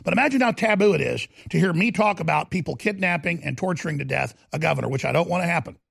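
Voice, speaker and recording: A man's voice: fairly high pitch, expressive, quick pace, vocal fry, a bit bright, slightly rough, dry recording, clean studio sound. A middle-aged man hosting a talk radio show, ranting fervently and combatively and hammering points through repetition between ad reads.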